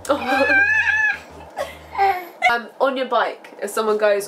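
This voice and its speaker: Giggly English woman, lively high voice. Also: takes it slowly, loud music behind the voice. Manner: giggly, laughs often while explaining. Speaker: vlog host. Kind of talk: casual chat.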